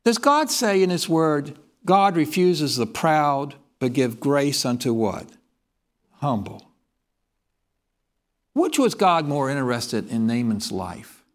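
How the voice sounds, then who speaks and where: A preacher with a highish, sing-song voice takes his time, reading King James scripture aloud and asking his listeners questions during the sermon.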